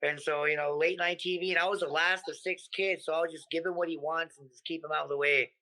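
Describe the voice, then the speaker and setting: Comedian guy chatting on a podcast, gravelly and bright, swears a lot, super animated. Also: fairly high pitch, fast talker, poor audio. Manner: animated, profane, acts out stories. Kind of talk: casual interview chat.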